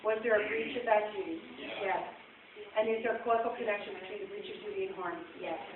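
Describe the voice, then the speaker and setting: A woman's voice: medium pitch, fast, a crowd in the background. A woman presenting nursing case studies at a convention session and quizzing the audience as she goes. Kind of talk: conference talk. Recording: echoey hall from far off, phone-like and noisy.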